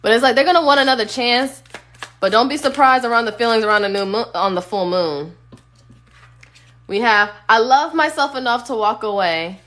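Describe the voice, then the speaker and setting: A woman's voice: fairly high pitch, moderate pace, a bit bright. A woman giving a casual, blunt tarot reading on a phone live stream, sometimes singing bits of songs. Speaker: tarot reader.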